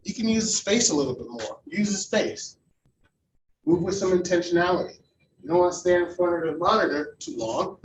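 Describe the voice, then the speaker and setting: A man talks a club audience through how to give helpful feedback on speeches, encouraging them and stopping to ask them questions. His voice sits a little high. He is heard from some distance in an echoey room, with a faint hum of room noise behind him. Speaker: club speaker teaching evaluation. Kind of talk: instructional talk to a club audience.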